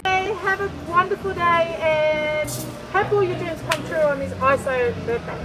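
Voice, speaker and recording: A woman's voice: very high-pitched, a little slow, low-quality recording. A cheerful, laughing woman filming birthday wishes at an outdoor market. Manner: cheerful, laughing, directing others. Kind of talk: casual birthday greeting filmed outdoors. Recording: outdoor market with crowd and music.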